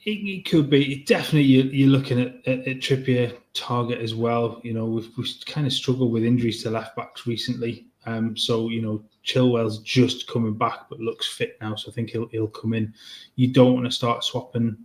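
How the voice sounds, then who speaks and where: A man with a voice of ordinary pitch co-hosts a casual football chat. He speaks hesitantly and restarts his sentences as he works toward his point. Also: level tone, moderate pace, a little mellow. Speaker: podcast co-host.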